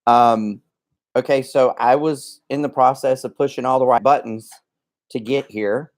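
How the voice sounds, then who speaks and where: A man hosting a casual livestream who rambles along with plenty of ums and restarts. He sounds a little out of breath. His voice sits at an ordinary middle pitch. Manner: rambling, chatty, many fillers and restarts. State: slightly out of breath. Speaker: livestream host.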